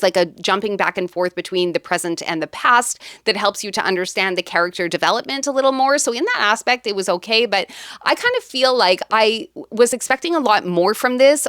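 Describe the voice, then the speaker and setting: A woman talks her way through a casual reading vlog, rambling and correcting herself as she goes. Her voice is smooth and clear at a middling pitch. The sound is dry and close. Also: fairly bright tone, no room sound. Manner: rambling, frequent ums and self-corrections. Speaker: book vlogger.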